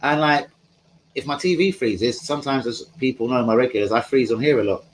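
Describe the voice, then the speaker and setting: A man's voice: medium pitch, brisk, slight background noise, low-quality recording. Rambling, slangy male live streamer. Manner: rambling, slangy, talks to chat. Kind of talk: casual live-stream chat. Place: at home.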